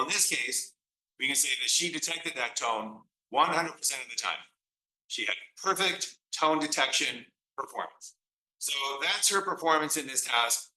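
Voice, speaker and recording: A man's voice: mid-range voice, bright, forceful tone, echoey room, far from the mic, low-quality recording. A man giving a recorded psychology lecture, explaining step by step and acting out examples. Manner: explanatory, acts out examples with quoted replies.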